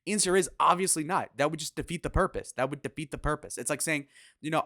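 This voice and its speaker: A man's voice: on the high side, fast, bright, forceful tone, no room sound, clean studio sound. A man giving casual political commentary in a crude, sarcastic, opinionated way, with swearing.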